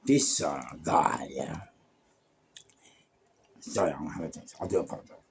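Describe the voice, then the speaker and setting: A man's voice: a bass voice, normal speed, creaky, a little hiss or hum. A man with a London accent telling rambling stories about doing door security, full of restarts and asides. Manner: rambling, many restarts and fillers, animated asides. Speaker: podcast guest storyteller. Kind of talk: casual storytelling.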